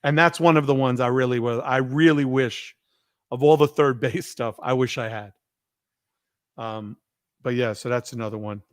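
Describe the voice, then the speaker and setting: A man hosting a podcast, telling a story in an animated way and acting out the people he quotes. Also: medium pitch, moderate pace, dry recording, clean studio sound. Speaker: podcast host. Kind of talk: casual storytelling chat.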